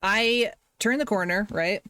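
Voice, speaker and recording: A woman talks casually on a live stream, wandering from one thought to the next and gushing whenever something delights her. Her voice sits at an ordinary middle pitch for a woman. The sound is dry and close, with no room echo. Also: measured pace, sharp tone, clear, resonant tone. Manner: chatty and rambling, gushing over small pleasures.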